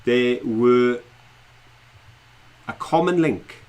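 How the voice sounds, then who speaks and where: Chatty man hosting a relaxed stream. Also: medium pitch, extremely slow. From England. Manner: chatty, rambling, laughs often. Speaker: co-host of a live stream. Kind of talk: casual live-stream chat.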